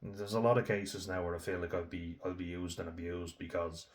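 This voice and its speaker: Deep-voiced man, frank and sweary. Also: little pitch movement, fairly quick. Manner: frank, sweary, reflective, with many fillers like "you know". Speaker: vlogger. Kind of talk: candid personal vlog talk.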